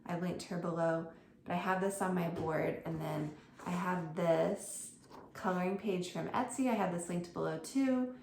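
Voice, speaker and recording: A woman's voice: on the low side, slight background noise. A woman homeschool tutor talking through her lesson plans for other teachers in a chatty, informal way. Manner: chatty, informal, with fillers and self-corrections. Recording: roomy echo with faint ambience.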